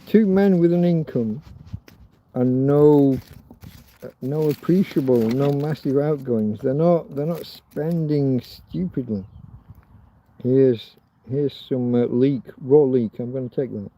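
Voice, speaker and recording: A man's voice: mid-range voice, takes it slowly, mellow. A man chatting on a rambling, casual livestream from a field, crude and swearing as he jokes around. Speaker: livestreamer cooking outdoors. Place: outdoors in a field. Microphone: phone. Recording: dull lo-fi phone audio.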